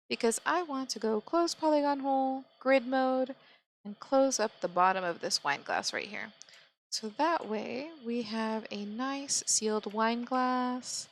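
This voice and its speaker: A woman calmly talking through a software modeling tutorial step by step, thinking aloud as she works. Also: a little high, vocal fry, a little hiss or hum, low-quality recording. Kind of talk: screen-recorded software tutorial narration.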